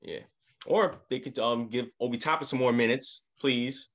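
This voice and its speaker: A man co-hosting a casual sports podcast, walking through game recaps with lively emphasis. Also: medium pitch, moderate pace. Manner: animated, leads the game recaps. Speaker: podcast co-host.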